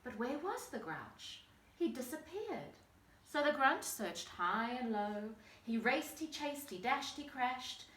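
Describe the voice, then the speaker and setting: A woman teacher reads a picture book aloud to small children in a lively, animated voice. Her tone is bright and fairly high, and the room adds a strong echo. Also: slow pace. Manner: expressive, animated storytelling. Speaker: teacher reading a story.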